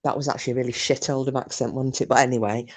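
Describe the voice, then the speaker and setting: Reading viewer comments aloud on her casual livestream, this woman host is chatty and sweary and laughs easily. She has a bass voice with fairly even intonation and talks very fast.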